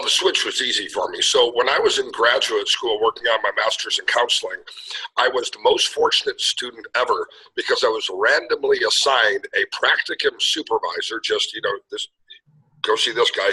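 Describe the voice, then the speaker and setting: A middle-aged man who talks with a sharp, forceful brightness. His voice is husky. He tells his story fluently, circling back with restarts now and then. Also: fairly low pitch, rough recording. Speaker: guest hypnotherapist. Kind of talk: casual interview on a call.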